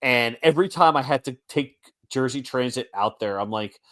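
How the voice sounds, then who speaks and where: A man's voice: mid-range voice, moderate pace, a bit bright. A man in his forties co-hosting a sports podcast, blunt and wry in casual chat. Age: 40s. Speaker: podcast co-host.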